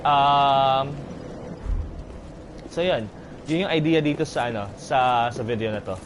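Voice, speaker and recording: A man's voice: medium pitch, measured pace, background noise. A young Filipino man chatting casually in Filipino-accented speech while live-streaming a game, laughing often. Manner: chatty, switching between English and Tagalog, laughs often.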